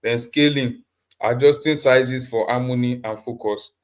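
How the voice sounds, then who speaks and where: A man teaches a live online design class through a computer mic, frequently repeating himself and putting questions to the class. His mid-range voice holds a steady tone, and he speaks unhurriedly.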